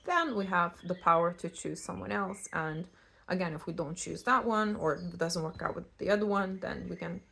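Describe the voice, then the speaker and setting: A young woman from Eastern Europe giving a casual pick-a-card tarot reading, chatty and animated and prone to tangents. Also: on the low side, moderate pace, vocal fry, slightly rough. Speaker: tarot reader.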